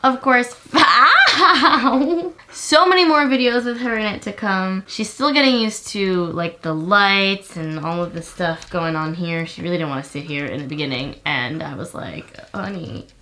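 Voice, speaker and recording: A woman's voice: medium pitch, a little slow, pushed and bright, slight background noise. A young woman, vlogging chattily and cheerfully to camera from her home. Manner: chatty and upbeat, with laughs. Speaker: pet vlogger host. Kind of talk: casual vlog talk to camera.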